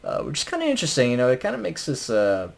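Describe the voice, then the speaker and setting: A man's voice: medium pitch, huge pitch swings, rapid-fire, vocal fry. Rambling man casually reviewing an album. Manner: rambling, many fillers and restarts; chuckles while talking.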